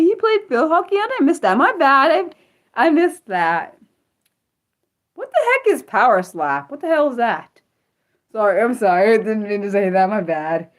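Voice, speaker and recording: Excitable woman streamer with a lively voice. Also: medium pitch. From United States. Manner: excitable, restarts sentences, blurts exclamations and mild curses. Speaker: livestream host. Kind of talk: unscripted livestream chat reading viewer comments.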